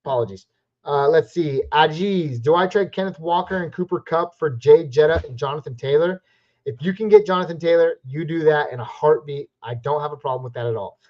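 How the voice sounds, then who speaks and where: A man from the West Coast hosting a live Q&A stream, chatty and upbeat, giving quick verdicts on viewer questions. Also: fairly high pitch. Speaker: fantasy football live stream host. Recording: slightly muffled lo-fi stream audio.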